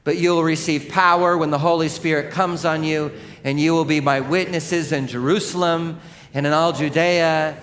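A man preaching a sermon to his congregation, his voice sitting a little higher than most men's. He talks casually and jokes like a storyteller. He reads the scripture aloud together with the listeners. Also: steady tone, moderate pace, fairly bright tone. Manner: conversational, joking storyteller; leads the congregation in reading scripture. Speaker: pastor.

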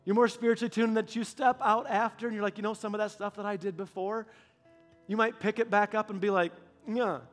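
Woman church leader giving an encouraging, storytelling talk over soft music. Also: mid-range voice, quick pace. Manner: conversational, animated storytelling. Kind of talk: devotional teaching on fasting.

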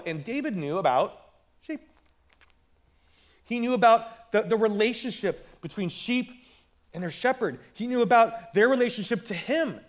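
Brief: male pastor, high voice, chatty sermon delivery, repeats words. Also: animated, moderate pace, pauses often. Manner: conversational, repeats words when building a point.

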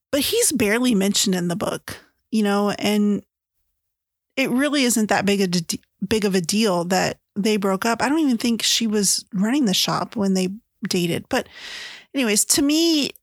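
A woman's voice: mid-range voice, dry recording, clean studio sound. A woman chatting casually as a book reviewer, gushing and full of filler words. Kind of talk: casual chat.

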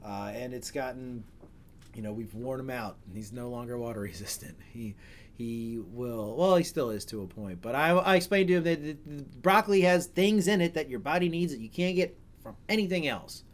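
A man's voice: mid-range voice, lively intonation, normal speed, a little hiss or hum. A middle-aged man hosting a podcast, chatting casually in a rambling way with frequent self-corrections and jokes. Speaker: podcast host. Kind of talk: casual chat.

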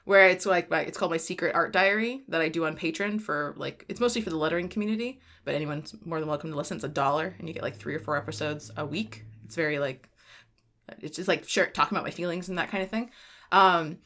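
A woman's voice: deep voice, fast, a bit bright. A woman hosting a podcast in casual chat, rambling with lots of "like", laughing and swearing freely. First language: Spanish. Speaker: podcast host.

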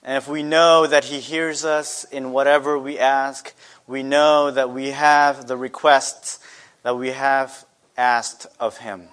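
A man's voice: medium pitch, flat delivery, slow pace, a bit bright. A man preaching a sermon earnestly, asking his listeners rhetorical questions. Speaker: pastor.

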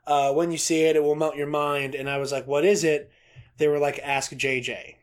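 Excitable man reading news aloud. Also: a little high, moderate pace. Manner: excitable, laughing often, casual swearing. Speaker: podcast co-host. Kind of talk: casual chat reading a news story aloud.

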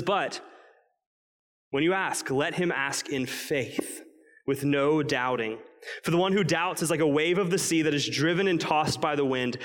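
A man preaching a sermon, earnest and emphatic, slowing down to stress key points. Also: on the high side, a bit bright. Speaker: pastor. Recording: long reverb of a large hall.

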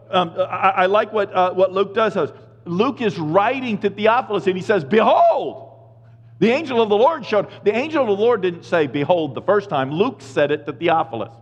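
A man in his fifties preaching a sermon in a casual, jokey way, swinging from hushed asides to shouted lines. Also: high voice. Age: 50s. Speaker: pastor. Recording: muffled sound with long hall reverb.

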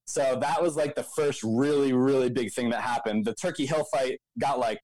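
On a dry, rough recording, a young man from the Philadelphia region speaks at normal speed in a medium, slightly mellow voice. As co-host and co-founder of a local news outlet, he tells a lengthy, wandering story in casual podcast banter, peppered with "like" and "um."

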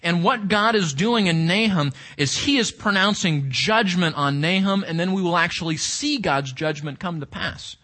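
A man's voice: high-pitched, moderate pace, hardly any pauses, pushed and bright. A male pastor preaching a sermon with emphasis, reading scripture aloud and asking the congregation rhetorical questions.

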